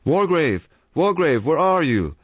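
A man voicing a cautious middle-aged doctor in an audiobook, measured and doubtful. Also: deep voice, expressive, no echo, muffled recording. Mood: calling.

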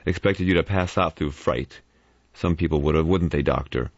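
A man's voice: rumbling low, normal speed, no room sound, highs cut off. A man voicing a cynical adventurer in an audiobook, sardonic and mocking.

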